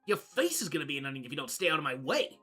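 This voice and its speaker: A streamer voicing a tough-talking little onion bully with squeaky, hot-tempered bluster. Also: big pitch swings, rapid-fire, bright, forceful tone, breathy edge, faint music behind, exaggerated voice.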